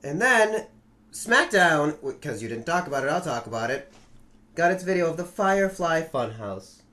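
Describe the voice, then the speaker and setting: Young male podcast host, higher-pitched, swears freely, animated joking recapper. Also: normal speed. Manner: profane, joking, animated storyteller. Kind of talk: casual podcast chat.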